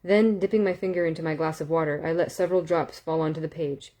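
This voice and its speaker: Low-voiced woman reading a novel aloud. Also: fast. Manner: calm, with small self-corrections and asides. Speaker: audiobook reader.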